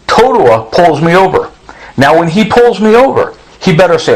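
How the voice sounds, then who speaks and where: A middle-aged man talks on and on in a tense, rambling monologue. His voice sits a little high for a man, and he keeps slipping into quick impressions of the people he quotes. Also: sing-song, rough recording. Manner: intense, rambling, acts out other people's quotes. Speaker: vlogger. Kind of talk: agitated monologue.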